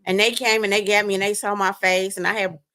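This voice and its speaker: A woman telling a painful personal story on a live stream, animated and speaking straight to her listeners. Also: mid-range voice, quick pace. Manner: animated, acts out quoted voices, addresses listeners as "you all". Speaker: guest sharing a testimony. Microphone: remote stream mic.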